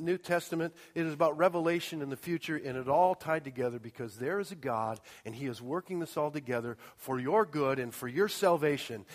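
A middle-aged man preaching a sermon, telling a personal story and acting out scenes with sudden shouts and asides. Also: on the high side. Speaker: pastor. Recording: long hall reverb.

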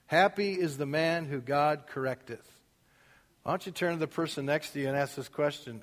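Middle-aged male pastor, slightly high pitch, conversational sermon delivery that rises for scripture, recorded in a reverberant sanctuary. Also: normal speed, long pauses. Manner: conversational, rising to emphatic scripture reading. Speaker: preacher. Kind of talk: casual sermon. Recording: long reverb of a hall.

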